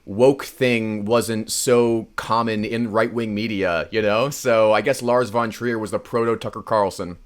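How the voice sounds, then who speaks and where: A woman co-hosting a podcast, recapping a film casually with a wry, sarcastic edge. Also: extremely low pitch. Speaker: podcast co-host.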